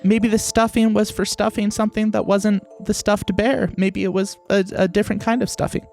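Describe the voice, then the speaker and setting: A man's voice: sits high, little pitch movement, moderate pace, vocal fry, darkish tone, soft background music, voice pushed up. A man doing Piglet, a small stammering timid piglet. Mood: unsure. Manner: hesitant, stammering. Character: small timid young male piglet, anxious.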